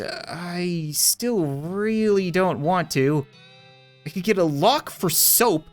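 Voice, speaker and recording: A man narrates his game playthrough in a casual, rambling way, full of quick jokes. His pitch jumps around animatedly, with faint music under the voice. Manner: rambling, jokey, quick asides. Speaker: gaming video host. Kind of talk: casual let's-play commentary.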